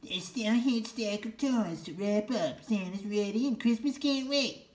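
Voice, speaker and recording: A man voicing a sad, fretful little male elf helper in a storybook read-aloud, with a high wailing moan. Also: unhurried. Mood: worried.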